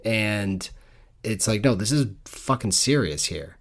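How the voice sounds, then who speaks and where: Low-voiced laughing podcast co-host. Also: male voice, lively intonation, slow pace. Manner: joking, rambling, laughs often. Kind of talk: casual book club chat.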